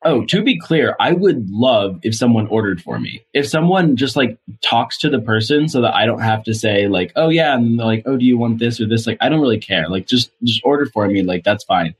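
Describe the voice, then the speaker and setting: A man's voice: fairly low pitch, animated, normal speed, hardly any pauses, breathy edge. A young man co-hosting a casual show rewatch podcast, rambling with lots of fillers and dry self-deprecating asides. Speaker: podcast co-host.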